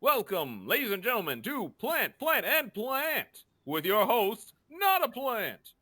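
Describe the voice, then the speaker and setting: A man's voice: very high voice, wildly swooping pitch, unhurried, sharp tone, voice pushed up, heavily acted. A man voicing a showy male game-show announcer, drawing out his words in a grand way. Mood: grandiose.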